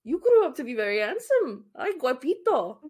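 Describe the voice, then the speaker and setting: A woman's voice: high voice, very animated, normal speed, a little mellow, breathy edge, exaggerated voice. A woman voicing a flirtatious, teasing male prisoner who drops bits of Spanish into his speech. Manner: playful, affectionate, bits of Spanish. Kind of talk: playing a tabletop game.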